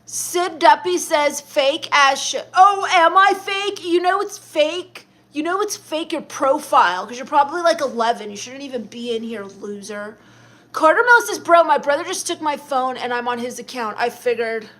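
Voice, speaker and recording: A young woman hosting a livestream, reading viewer comments aloud in a deadpan, dismissive, sarcastic comedic manner. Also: high voice, normal speed. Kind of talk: in-character comedic livestream chat.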